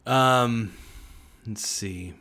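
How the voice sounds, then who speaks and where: A relaxed man rambling casually to his livestream viewers, dropping "man" and "dude" as he goes. His voice sits at an ordinary middle pitch and sounds a little sore and worn. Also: extremely slow. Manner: laid-back, chatty, talks to viewers in chat, frequent "man" and "dude". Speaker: livestream host.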